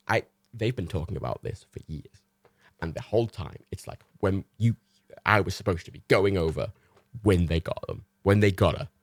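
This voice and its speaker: A man's voice: lowish voice, a bit bright, no echo, studio quality. A man hosting a livestream, a little tipsy, rambling casually with lots of laughter and swearing. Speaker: livestream host. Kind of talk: casual chat.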